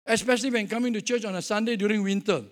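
A man's voice: sits high, steady tone, rapid-fire. A man preaching a sermon as pastor, jovial and telling stories with acted-out dialogue.

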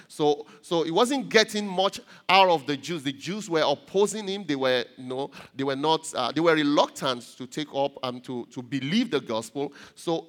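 Male preacher, fairly high voice, stumbles and repeats words, punches key lines, long hall reverb. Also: a bit bright. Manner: halting with many repeated words, rising emphatically on key points. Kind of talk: sermon.

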